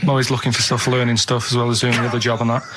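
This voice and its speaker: A man with a Manchester accent, telling rambling stories in a deadpan way as a regular on a radio chat show in a studio. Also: medium pitch, racing, noisy background. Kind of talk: casual radio banter.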